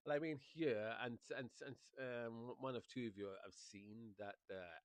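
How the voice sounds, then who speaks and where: A man's voice: medium pitch, a little slow, dry recording. A Welsh man rambling through a casual vlog monologue, chuckling often and swearing freely, with many fillers. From Wales. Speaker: vlogger.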